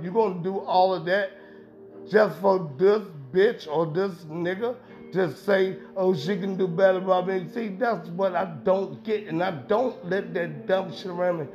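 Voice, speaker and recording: A man's voice: high voice, a little mellow. A man hosting a podcast in a rambling, profane, emphatic casual monologue. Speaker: podcast host. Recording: dull lo-fi sound with music behind.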